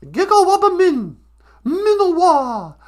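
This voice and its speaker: A shrill, tearful young activist girl, as a man puts her on. She wails and sobs in a high, swooping voice and stretches every word out slowly. The delivery is a broad comic mockery. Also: huge pitch swings, exaggerated voice. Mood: wailing. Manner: shrill, wailing, mocking. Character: whiny tearful young female climate activist.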